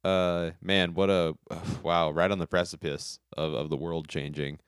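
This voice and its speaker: A podcast co-host in relaxed casual chat, reacting to fan videos with lots of fillers and easy laughs. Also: sits low, unhurried, clean tone, no echo, studio quality. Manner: laid-back, hesitant, laughs often, many fillers. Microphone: mic on a stand.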